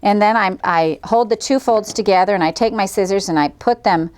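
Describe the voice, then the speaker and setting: A woman's voice: medium pitch, a little fast, a little mellow. A middle-aged woman hosting a quilting tutorial, chatting cheerfully and folksily as she demonstrates each step. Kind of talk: friendly craft demonstration.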